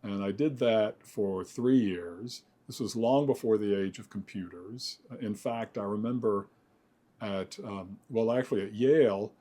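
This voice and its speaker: Older male architect in his sixties, low mellow voice, reflective oral-history storyteller who rambles and corrects himself. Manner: rambling, reflective, many fillers and self-corrections.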